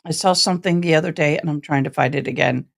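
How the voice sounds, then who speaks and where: A woman with a deep voice and vocal fry talks fast while hosting a casual live stream about a trial. She chats with viewers in a rambling way and calls herself passionate and direct.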